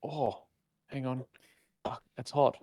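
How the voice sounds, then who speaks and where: A man's voice: medium pitch, level tone, slow, dark tone. A middle-aged man co-hosting a podcast, rambling and joking with many stumbling restarts. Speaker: podcast co-host. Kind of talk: casual chat.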